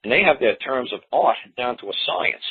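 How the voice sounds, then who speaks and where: A man's voice: medium pitch, expressive, normal speed, slightly rough. A man hosting a radio show, rambling in a folksy way and repeating himself as he explains. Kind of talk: casual talk radio monologue. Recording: tinny phone-line audio.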